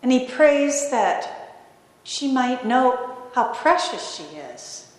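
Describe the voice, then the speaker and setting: A woman preaching, telling a story in an expressive, dramatic way in a large echoey hall. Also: high-pitched, slow pace. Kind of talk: storytelling sermon.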